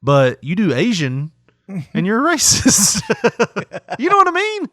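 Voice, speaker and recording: A man's voice: high voice, huge pitch swings, slow, fairly bright tone, no room sound, studio quality. A man with a Southern accent co-hosting a podcast in casual chat, laughing often and slipping into mocking voices. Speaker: podcast co-host.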